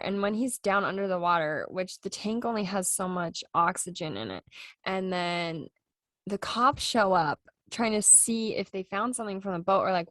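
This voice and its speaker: A young woman with a fairly low voice talks as a podcast co-host. She walks through a show's plot in a plain, matter-of-fact way. The sound is dry and close. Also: fairly bright tone, no echo. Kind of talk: casual chat reviewing a TV show.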